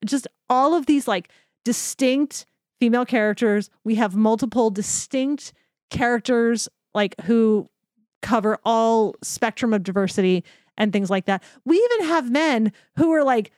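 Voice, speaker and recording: A woman co-hosting a podcast, chatting casually and gushing enthusiastically with quick asides. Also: fairly high pitch, a little mellow, no room sound, clean studio sound. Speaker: podcast co-host. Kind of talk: casual chat.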